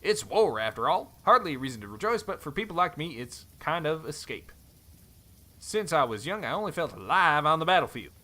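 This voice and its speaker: A man putting on a rugged mercenary brawler with a twangy cowboy drawl, easygoing and folksy with a sly edge. The voice rings bright and forward in this game dub. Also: on the high side, very animated, fairly quick, voice pushed up. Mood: reminiscing. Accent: put-on cowboy drawl. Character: rough friendly male mercenary, brawler.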